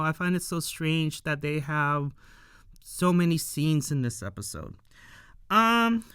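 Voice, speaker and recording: A man with a slightly high, very clean and smooth voice walks viewers through an episode at an unhurried pace. His talk is casual and chatty, dotted with fillers and questions to the audience. The sound is dry and close, with no room around it. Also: pushed and bright, no echo. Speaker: show reviewer.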